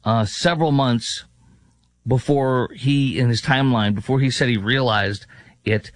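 A man's voice: medium pitch, dry recording. A man hosting a political talk radio show, sarcastic and mocking, firing off rhetorical questions.

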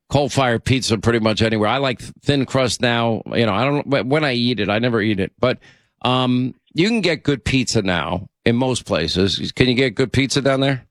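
A male radio host talks in a relaxed, rambling way, trading easy banter with callers. His voice sits in a middle pitch and sounds close and dry, with no room around it. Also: no room sound. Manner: chatty, rambling and friendly with callers. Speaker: radio talk show host. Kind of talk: casual call-in radio chat.

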